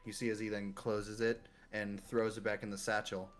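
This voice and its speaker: Laid-back low-voiced male game master. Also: little pitch movement, faint music behind. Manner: laid-back, halting narration with fillers. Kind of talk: narrating a tabletop game.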